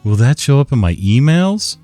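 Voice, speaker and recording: A man voicing a slow, dim-witted male office worker in a drawling, turtle-like voice. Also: medium pitch, big pitch swings, dark tone, dry recording, soft background music, pitched above the performer's own voice, natural voice. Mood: baffled.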